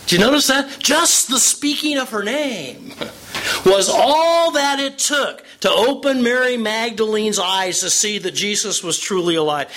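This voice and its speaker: A man preaching a sermon, telling a scripture story with animated, expressive delivery and acted-out quotes. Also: high voice, low-quality recording. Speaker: pastor.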